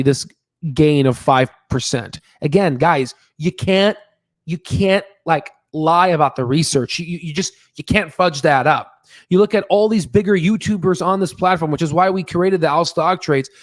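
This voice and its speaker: In studio-quality audio with no echo, a man whose voice sits high hosts a stock market channel. He talks through stocks casually and emphatically, repeating himself and using many fillers and "okay?" tag questions.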